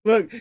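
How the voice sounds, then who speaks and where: A man's voice: very high-pitched, dry recording, studio quality. A man hosting a casual stream, chatting in a laid-back, profane way and laughing often. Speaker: stream host. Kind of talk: casual commentary chat.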